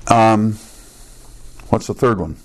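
A man's voice: fairly low pitch, slight background noise. A male pastor preaching a sermon in a conversational way, with joking asides, restarts and rhetorical questions.

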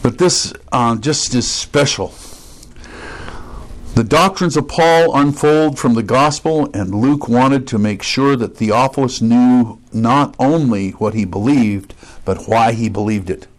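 A man's voice: medium pitch, slow pace, poor audio. A man preaching an expository sermon, stressing key words and putting questions to his listeners.

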